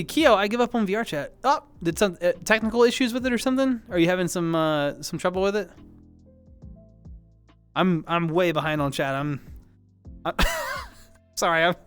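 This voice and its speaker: A man with a fairly high, smooth voice, chatting casually on a livestream as he answers viewers. He rambles and restarts his sentences, apologizes often, and laughs easily. Soft music plays faintly behind him. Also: sing-song. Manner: rambling, self-correcting, quick to apologize and laugh. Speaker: livestreamer reading chat.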